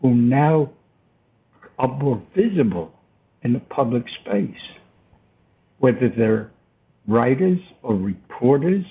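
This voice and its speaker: Older male interview guest, gravelly voice, thoughtful and halting, heard over a thin phone-like line. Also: mid-range voice. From United States. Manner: thoughtful, hesitant, with restarts. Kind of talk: reflective storytelling. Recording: tinny phone-line sound.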